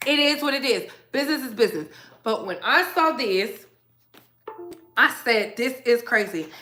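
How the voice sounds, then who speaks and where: High, bright-voiced sassy gossip host. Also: female voice, animated, normal speed, soft background music. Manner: blunt, emphatic, sassy. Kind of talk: opinionated casual commentary.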